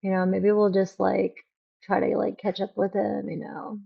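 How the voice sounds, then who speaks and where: A woman's voice: mid-range voice, little pitch movement, moderate pace, vocal fry, slightly rough, muffled recording. A young woman streaming a game, chatting casually and rambling with lots of fillers. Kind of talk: casual gameplay commentary.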